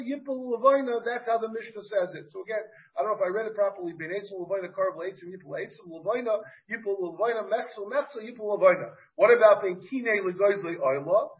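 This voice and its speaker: A man with an American accent and Yiddish-Hebrew pronunciation teaches a Talmud class, thinking aloud and asking his students questions. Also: high-pitched. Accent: American English with Yiddish-Hebrew pronunciation. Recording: dull, muffled class recording.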